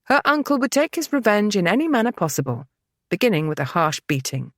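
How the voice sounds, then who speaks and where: A woman narrating a historical romance novel in a steady, dramatic storytelling manner. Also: medium pitch, fairly quick, dry recording, studio quality. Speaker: audiobook narrator. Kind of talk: scripted narration.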